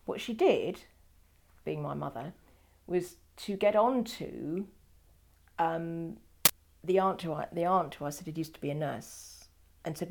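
An older woman with a low, gravelly voice tells her own story in an interview. She talks in a wry, digressive way, breaking off and correcting herself as she goes. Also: a little slow, darkish tone. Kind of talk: oral history interview.

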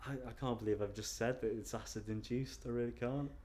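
A man's voice: medium pitch, fairly even intonation, brisk, mellow. A man answering interview questions in a casual, hesitant way, often restarting and laughing at himself. He is from England. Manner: hesitant, restarts often, chuckles self-consciously. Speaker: interview guest.

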